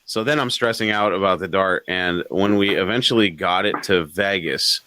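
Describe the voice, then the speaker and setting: A man with a fairly low, bright, forceful voice tells stories on a live podcast. He is animated and swears freely, chuckling between phrases. The sound is close and dry. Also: moderate pace, dry recording. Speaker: podcast co-host. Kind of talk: casual storytelling on a live podcast.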